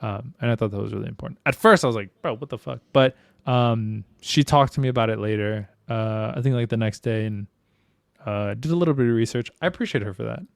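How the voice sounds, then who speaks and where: A man's voice: fairly low pitch, fast, vocal fry, clear, resonant tone, no room sound, clean studio sound. A man co-hosting a podcast, talking candidly in casual slang and swearing freely. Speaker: podcast co-host.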